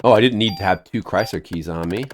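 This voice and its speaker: A man's voice: deep voice, fast, slight background noise. A man streaming a video game who rambles in a goofy, joking way and talks to his chat. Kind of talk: casual game-stream chatter.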